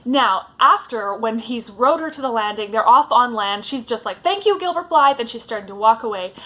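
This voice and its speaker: A woman's voice: a little high, moderate pace, pushed and bright. A woman giving a casual, chatty vlog talk as a book vlogger, with a fond tone and lots of "like"s.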